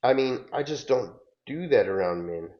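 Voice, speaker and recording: A man's voice: medium pitch, animated, moderate pace, dull audio, pitched above the performer's own voice, close to an everyday voice. Man putting on a flustered young woman. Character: flustered young woman, art-world worker.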